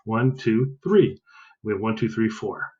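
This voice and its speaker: A man's voice: on the low side, expressive, a little slow, darkish tone, muffled recording. A male math teacher giving a recorded lesson, upbeat, counting aloud and correcting himself as he goes.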